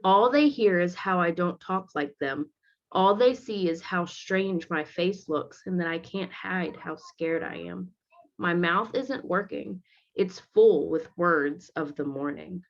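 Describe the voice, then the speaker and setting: A woman teacher reading a picture book aloud to children, stopping gently to explain the pictures. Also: fairly low pitch, slow pace. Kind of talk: read-aloud with commentary for children. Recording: dull lo-fi recording.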